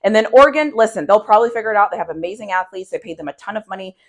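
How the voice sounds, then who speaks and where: A woman's voice: medium pitch, expressive, racing. A woman giving casual, emphatic sports opinions, laughing often and repeating phrases for effect. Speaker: sports commentator.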